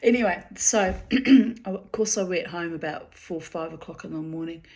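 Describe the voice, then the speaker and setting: A woman's voice: on the low side, normal speed, vocal fry, darkish tone. A woman telling personal stories in a chatty, digressive monologue with many asides. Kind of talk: rambling storytelling monologue.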